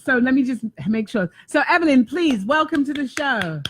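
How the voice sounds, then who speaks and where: A woman's voice: high-pitched, expressive, moderate pace, a little hiss or hum. A woman hosting a casual talk show, effusive and emphatic, often repeating words for emphasis. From United States. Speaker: talk show host and life coach.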